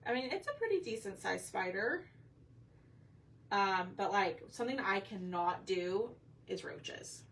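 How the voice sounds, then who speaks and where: Painting during a craft livestream, a woman chats casually with her viewers. Her mid-range voice is lively in intonation, a little slow, creaky and fairly bright, picked up by a distant mic, slightly off-mic with faint room noise.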